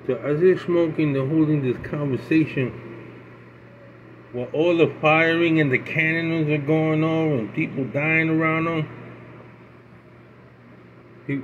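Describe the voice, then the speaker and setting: A man's voice: on the high side, fairly even intonation, a little slow, long pauses. Folksy male storyteller over a phone-like line. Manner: rambling, folksy, repeats himself. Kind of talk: casual oral storytelling. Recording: phone-like with faint noise.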